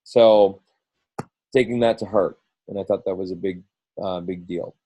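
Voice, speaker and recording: A man's voice: deep voice, fairly even intonation, measured pace, dark tone, husky, no room sound, poor audio. A middle-aged man leading a group coaching call in a casual, rambling way, full of restarts and acted-out quotes.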